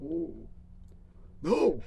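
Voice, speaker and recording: A man's voice: on the high side, very animated, very slow, creaky, mellow, slightly rough, no echo. A man co-hosting an improvised comedy show, firing off incredulous questions. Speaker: co-host.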